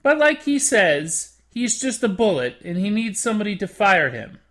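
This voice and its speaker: A host reading a scripted anime review, with an expressive delivery. The pitch rises and falls a lot as the narration runs along. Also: normal speed.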